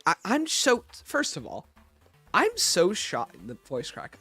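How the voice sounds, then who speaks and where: Lively, bright-voiced male streamer. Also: fairly high pitch. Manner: reads viewer chat aloud and answers with blunt opinions. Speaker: livestream host. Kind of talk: casual livestream chat.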